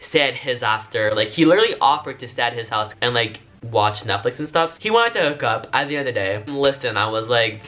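A man with a bright, forward voice chats through a personal storytime vlog. His talk is loose and frank, packed with fillers and the odd curse word, and his pitch sits in an ordinary middle range. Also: very animated, fast, few pauses. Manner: chatty, filler-heavy, frank and profane. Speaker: vlogger telling a story. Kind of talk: casual storytime monologue.

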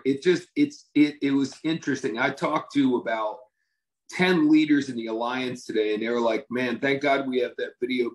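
A man gives a motivational talk to his business team, telling stories with easy enthusiasm. His voice sits at an ordinary middle pitch. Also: rough recording. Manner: enthusiastic storyteller, conversational. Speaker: company leader addressing his team.

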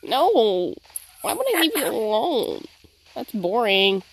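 A woman hosting a casual gaming voice chat, playful and teasing, with drawn-out mock-soothing asides. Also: fairly high pitch, big pitch swings, gravelly, husky. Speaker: gaming channel host.

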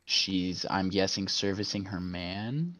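A young man co-hosting a casual podcast, joking loudly and swearing freely. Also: low voice, slow pace. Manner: joking, loud, swears freely, puts on a radio host voice. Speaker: podcast co-host. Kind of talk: casual chat.

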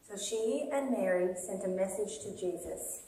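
A woman reading a children's Bible story in a church, in an animated way and putting questions to her listeners. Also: medium pitch, unhurried, hardly any pauses, a little hiss or hum. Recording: echoey church from far off.

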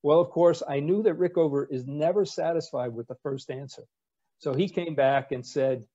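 Older man in his 60s, retired naval officer, warm mellow voice, wry relaxed storytelling, slightly dull lo-fi sound. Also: a little high, moderate pace. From United States. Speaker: guest speaker, retired navy captain. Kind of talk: anecdotal storytelling talk.

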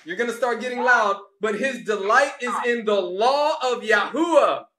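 Man, preachy rant, taunting, sarcastic, high bright voice, echoey room. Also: moderate pace. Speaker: religious video host.

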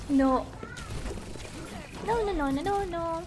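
Very high-pitched hoarse woman streamer. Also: very animated, drawn-out words, background noise. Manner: giggly, playful, reads chat aloud between game reactions. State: hoarse from a cough. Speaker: game streamer. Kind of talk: live gameplay stream, chatting with viewers.

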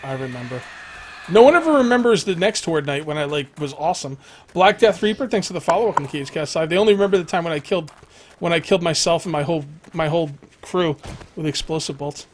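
Young male streamer, slightly high voice, loose and joking, curses at the game, faint noise behind. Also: lively intonation, quick pace. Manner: rambling, joking, swears at the game. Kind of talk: live game stream commentary.

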